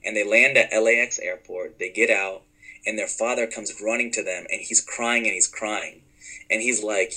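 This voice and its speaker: A man telling a long story as an interview guest, lively and acting out the dialogue. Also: on the low side, normal speed, rough recording. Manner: animated, acts out dialogue in the story. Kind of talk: conversational storytelling.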